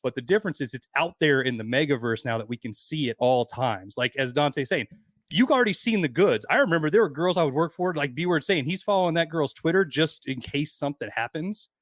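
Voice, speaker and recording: 40s guy on a podcast, talks fast, swears a lot, super dry close sound. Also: on the high side, animated, dry recording. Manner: profane, rambling anecdotes with quoted voices. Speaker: podcast guest. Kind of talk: casual podcast storytelling.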